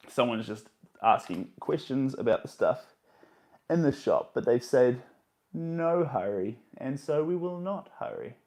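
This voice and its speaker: Male painter, unhurried casual delivery, mid-range voice, chatting to stream viewers. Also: medium pitch. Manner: relaxed, chatty, muttering to himself between remarks. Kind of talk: casual chat while painting.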